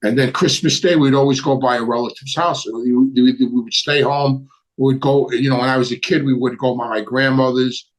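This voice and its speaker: A middle-aged man talks at home, hosting a casual live stream. His voice sits at an ordinary middle pitch. He rambles, repeats his words and talks in a blunt street manner. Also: fairly even intonation, a little fast, poor audio. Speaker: host. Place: home with a Christmas tree.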